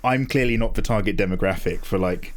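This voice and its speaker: A man in his forties chatting casually on a live drawing stream, animated and self-deprecating, swearing freely. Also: fairly quick. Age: 40s. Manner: mocks others with squeaky high voices. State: tearing up, emotional. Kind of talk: casual livestream chat. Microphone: desk mic, no camera.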